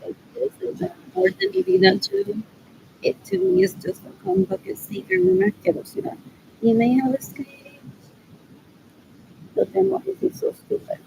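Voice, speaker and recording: A woman's voice: very high voice, moderate pace, gravelly, a little mellow, a little hiss or hum, low-quality recording. A middle-aged woman rambling to herself in a solo monologue, repeating phrases as she muses. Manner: repetitive, muttering to herself. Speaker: vlogger.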